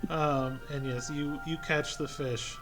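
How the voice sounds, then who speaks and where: A man narrating a tabletop game as game master, relaxed and hesitant with many fillers. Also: fairly high pitch, slow pace. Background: music.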